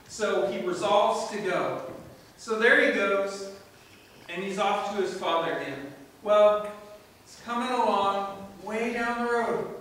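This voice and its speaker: A man's voice: high voice, slow pace, a bit bright, slight background noise. A man preaching a sermon in a church, telling a story with animation and asking the congregation questions. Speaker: pastor. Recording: echoey room from far off.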